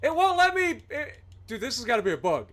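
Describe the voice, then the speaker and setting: A man's voice: very high voice, sing-song, brisk, fairly bright tone. A man streaming a flight game live, ranting angrily and profanely at the game. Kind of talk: live gameplay commentary.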